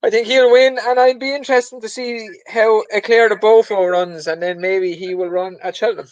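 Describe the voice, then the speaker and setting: A man's voice: high voice, fairly even intonation, moderate pace, no room sound, dull audio. A man co-hosting a podcast, talking casually about betting in an easygoing, self-deprecating way. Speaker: podcast co-host.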